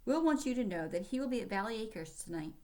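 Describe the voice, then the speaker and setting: A woman reading aloud, voicing a young male messenger speaking low and secretive. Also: animated, fast, a little mellow, close to an everyday voice.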